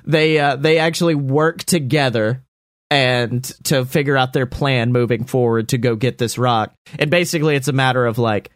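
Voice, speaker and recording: A man brainstorming a story casually, animated and profane, acting out lines as he goes. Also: medium pitch, normal speed, no echo, studio quality.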